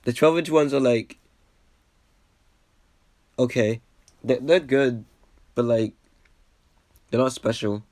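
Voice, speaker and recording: A young man casually rambling over an old video, packed with "like" fillers and the odd swear, getting excited and then trailing off. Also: medium pitch, slow, long pauses, no room sound. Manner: excitable bursts, trails off with a quiet "yeah". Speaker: reaction video host.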